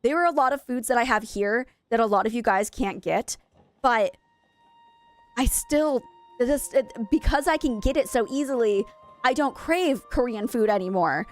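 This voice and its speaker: Young woman streamer from Maine, casual and rambling, slightly high voice, dry close sound with faint music behind. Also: lively intonation, moderate pace, no room sound. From USA (Maine). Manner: chatty, wistful, rambling with self-corrections. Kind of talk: casual chat with viewers while gaming.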